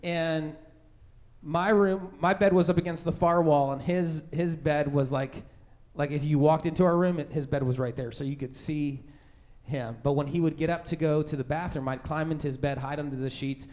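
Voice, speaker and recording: A pastor preaches conversationally, full of fillers like "right?" and "like," recounting a childhood story and acting out the voices of frightened people. His voice is on the high side, steady and somewhat dark, at a normal speed.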